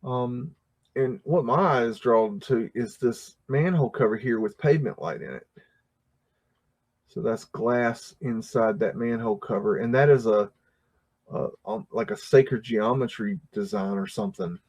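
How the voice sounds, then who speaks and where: A man's voice: medium pitch, a little slow, darkish tone. A man hosting a livestream, talking casually through old photographs in a rambling way, with many fillers and restarts and frequent chuckles. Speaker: livestream host.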